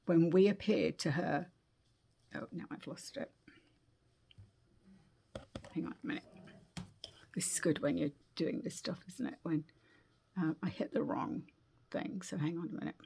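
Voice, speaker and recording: A British woman giving a gentle, unhurried spiritual oracle card reading at home, with frequent fillers and restarts. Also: sits low, fairly even intonation, creaky, husky. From Britain.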